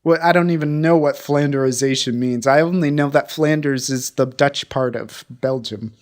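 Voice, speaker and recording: A man's voice: mid-range voice, moderate pace, a little mellow. Rambling man co-hosting a podcast. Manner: rambling, searching for words. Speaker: podcast co-host. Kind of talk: casual chat.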